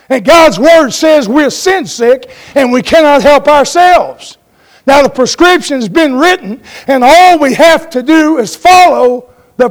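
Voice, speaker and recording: A man preaching a sermon in a folksy way, telling stories and asking his congregation for an amen. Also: extremely high pitch.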